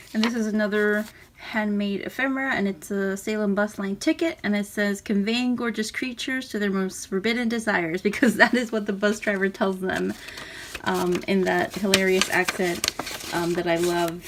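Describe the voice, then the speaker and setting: A woman casually talking through a handmade journal she is showing page by page, relaxed and chatty. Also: mid-range voice. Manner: chatty, relaxed, with fillers and soft laughs. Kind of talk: casual craft walkthrough. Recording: audible background noise.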